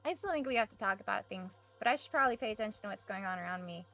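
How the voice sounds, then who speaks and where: A woman's voice: mid-range voice, expressive, very fast, pushed and bright. A woman playing a tabletop game in character, hesitant and thinking aloud as she speaks. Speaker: player.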